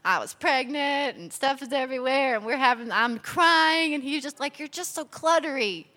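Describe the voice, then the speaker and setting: A woman in her thirties talks to an audience about married life in a loose, chatty way. Her voice is fairly high and very bright, and she laughs through her stories. When she quotes herself, she jumps higher and louder. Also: normal speed, long reverb tail. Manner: chatty, animated, laughs while telling stories. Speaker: speaker sharing marriage advice. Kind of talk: personal talk to an audience.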